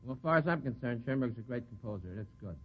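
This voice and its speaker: A man's voice: mid-range voice, animated, fast talker, breathy edge. Wry man answering on a radio quiz. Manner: wry, offhand quips. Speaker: quiz panelist. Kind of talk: quick-witted quiz banter. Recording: lo-fi 1940s radio broadcast.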